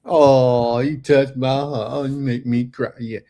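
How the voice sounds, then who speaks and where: A man hosting a religious livestream, animated and folksy, giving blessings and chatting with his viewers. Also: medium pitch, unhurried. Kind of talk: casual livestream chat.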